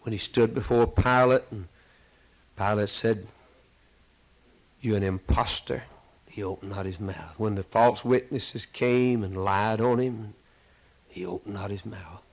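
Slow dramatic preacher man. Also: on the low side, fairly even intonation, low-quality recording. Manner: slow, dramatic preaching with sudden loud rises and hushed drops. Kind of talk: sermon.

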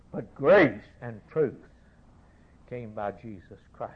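A man preaching a sermon in a declamatory way, rising to loud questions and falling back to a hushed close. The recording is narrow and tinny, like it came down a phone line. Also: takes it slowly, husky. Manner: declamatory, swelling to raised rhetorical questions then dropping low.

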